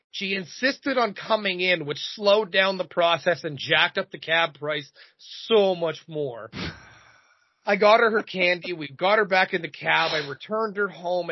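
A man in his thirties, a podcast host, telling a comedic story in an animated, profane way. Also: a little high, measured pace, no echo, highs cut off. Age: 30s.

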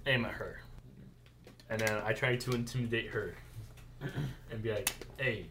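A man's voice: lowish voice, normal speed, bright, forceful tone, distant mic, a little hiss or hum. A man playing a tabletop game, chatting and joking. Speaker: player. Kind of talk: casual chat at a game table.

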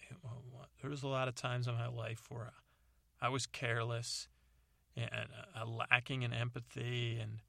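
A man's voice: mid-range voice, level tone, normal speed, gravelly, sharp tone, no room sound, studio quality. A man voicing an earnest grown son apologizing to his parents.

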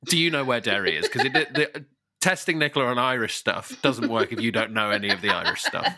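A man's voice: mid-range voice, quick pace, sharp tone. A man co-hosting a podcast, teasing the guest in casual chat. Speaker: podcast co-host.

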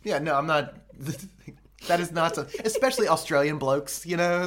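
A man's voice: medium pitch, fairly quick, fairly bright tone. A man co-hosting a casual podcast, telling a rambling, crude, joking story. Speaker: podcast co-host. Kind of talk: casual chat.

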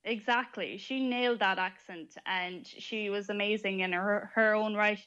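A woman's voice: mid-range voice, moderate pace, smooth, dull audio. Opinionated Irish woman radio co-host. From Ireland. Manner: opinionated, animated. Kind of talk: casual radio chat.

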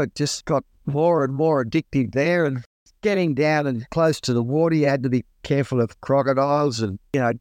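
A man's voice: medium pitch, dry recording, clean studio sound. Chatty Australian man telling stories. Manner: chatty, relaxed, colloquial, acts out his own exclamations. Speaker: guest. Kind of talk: casual storytelling.

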